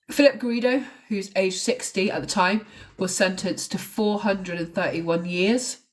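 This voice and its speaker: A woman hosting a true crime show, recounting a case in a casual, earnest way with frequent ums. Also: lowish voice. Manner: conversational, with frequent ums and likes. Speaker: true crime podcast host.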